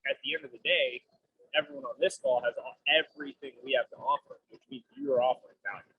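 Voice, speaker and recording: A man, a real estate agent, joining a team meeting by call, talking quickly and laughing easily. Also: medium pitch, fairly even intonation. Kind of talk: video call meeting discussion. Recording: tinny distant phone-like audio.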